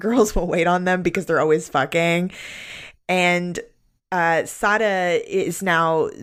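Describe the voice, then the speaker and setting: A woman hosting a podcast, casually recapping a film and laughing often as she talks. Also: lowish voice. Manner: laughs often while recapping, relaxed drawn-out phrasing. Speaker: podcast host.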